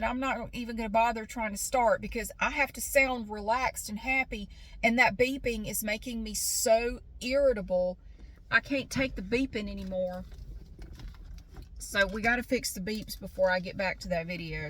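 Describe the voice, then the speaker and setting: A vlogger, a middle-aged woman with a slightly high and a bit bright voice, rambles casually to the camera as if to a friend. She often breaks into laughter.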